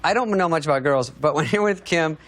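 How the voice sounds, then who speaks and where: A man guest on a talk show, telling a story sarcastically and slipping into quick impressions of other people. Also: on the high side. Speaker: guest comedian. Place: television studio. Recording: studio audience and noise behind.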